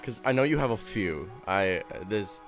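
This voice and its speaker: Bright, lively-voiced male game master. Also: lowish voice, faint music behind. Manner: rambling, hesitant, quick to laugh. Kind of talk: running a tabletop game.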